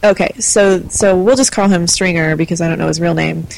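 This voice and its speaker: A woman's voice: on the low side, a little fast, vocal fry, poor audio. A woman co-hosting a podcast, chatting casually and hesitantly with many fillers. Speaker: podcast co-host. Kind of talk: casual chat.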